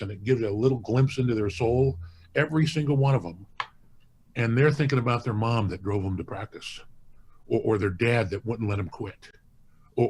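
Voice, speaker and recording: Earnest guy rambling through stories in an interview, lowish voice, lots of restarts. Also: a little hiss or hum. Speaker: hall of fame president, guest. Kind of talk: casual interview storytelling.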